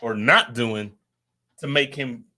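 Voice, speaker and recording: A man's voice: medium pitch, slow, bright, forceful tone. A man with kids co-hosting a podcast, talking loosely and profanely and preaching straight at his viewers. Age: adult with children. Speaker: podcast co-host. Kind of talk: casual podcast chat.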